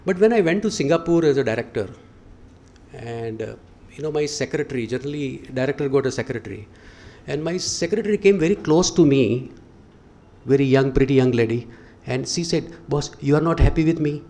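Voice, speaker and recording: A man's voice: medium pitch, animated, fairly quick, mellow. A man with an Indian accent, a guest speaker giving a motivational lecture with audience questions, telling stories and putting questions straight to the audience. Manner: storytelling, questions the audience directly. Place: lecture hall.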